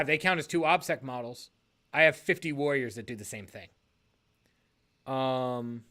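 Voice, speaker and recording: A man with a fairly high voice and a bright, pushing edge chats loosely on a podcast. He rambles, breaks off his sentences to fix them, and laughs as he goes. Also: smooth. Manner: rambling, self-correcting, laughs often. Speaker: league podcast co-host. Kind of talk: casual podcast chat.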